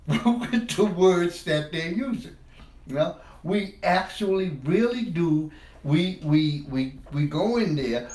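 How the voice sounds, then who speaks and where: In a slightly high voice with a roomy sound, a man from the United States rambles informally on the subject of language, repeating words and chuckling at himself as he talks.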